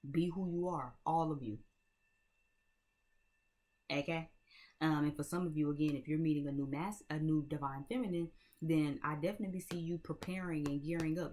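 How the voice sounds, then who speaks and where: Woman w a low voice doing a tarot reading, chatty and blunt, keeps going "right?" and "you know what i'm saying?". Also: darkish tone. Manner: blunt and streetwise, swears freely. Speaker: tarot reader. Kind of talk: casual tarot reading to camera.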